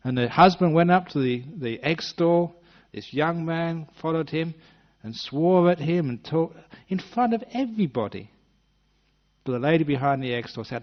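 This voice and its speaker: A man's voice: a little high, lively intonation, normal speed. An English man in his sixties, a Buddhist monk telling a story with humor during a dharma talk, putting on little voices for the characters. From British-born, based in Western Australia. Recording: dull lo-fi talk recording.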